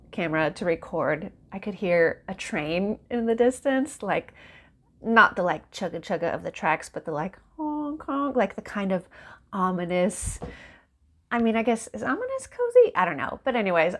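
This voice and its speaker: A woman in a casual chat at home by a window, talking in a rambling, chatty way and laughing often. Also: medium pitch. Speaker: book vlogger.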